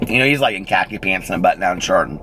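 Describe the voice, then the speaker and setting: A middle-aged man tells a story in a casual vlog. His voice sits low, and he jumps up in pitch to act out other people. A faint hum runs underneath. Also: rapid-fire, rough recording. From United States. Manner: chatty, animated, acts out quoted people in raised voices. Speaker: vlogger.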